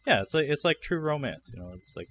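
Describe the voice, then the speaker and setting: A man co-hosting a podcast, chatting casually about a film in a relaxed, wry way, often laughing. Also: fairly high pitch, fast. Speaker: podcast co-host. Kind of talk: casual film review chat.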